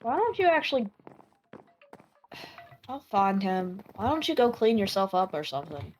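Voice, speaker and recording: A woman playing alongside others in a role-play game, chatting casually in a brisk, matter-of-fact way. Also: mid-range voice, sing-song, a little hiss or hum. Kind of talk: casual in-character chat.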